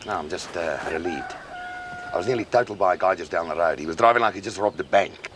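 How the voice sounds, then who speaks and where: An actor playing a sly, overly friendly visitor with a smooth, ingratiating manner. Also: male voice, deep voice, quick pace, noisy background, natural voice. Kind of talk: sitcom acting.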